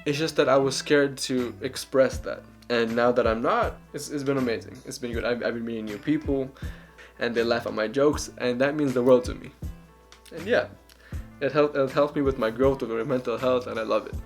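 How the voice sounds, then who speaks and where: Gravelly young man vlogging. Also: mid-range voice, steady tone, brisk, faint music behind. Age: young adult. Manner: candid, joking, rambling. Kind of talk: casual Q and A vlog.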